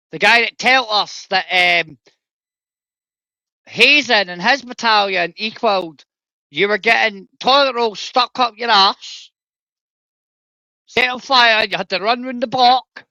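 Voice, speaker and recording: A man's voice: sits high, bright, forceful tone, dry recording, highs cut off. A man with an Edinburgh Scottish accent, a former soldier ranting profanely and confrontationally on a livestream while telling stories. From Scotland.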